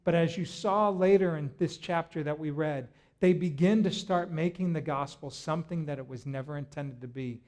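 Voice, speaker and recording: A man preaching a sermon, retelling a story in a lively way and often stopping to restart his words. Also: fairly high pitch, moderate pace, few pauses. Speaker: pastor.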